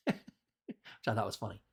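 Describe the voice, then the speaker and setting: A man hosting a casual chat, telling rambling stories and laughing often. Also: takes it slowly. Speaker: host.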